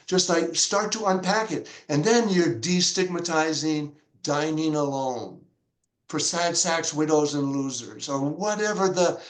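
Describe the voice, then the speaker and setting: A male pastor telling stories in a conversational interview, animated and acting out quoted dialogue with big jumps in pitch. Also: a little slow. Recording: echoey room.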